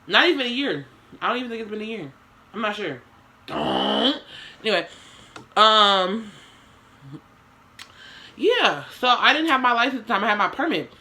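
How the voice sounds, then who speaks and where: A woman's voice: a little high, lively intonation, normal speed, pauses often, bright, forceful tone. A young woman telling a story to her camera in casual slang, with swearing and lots of dramatic asides.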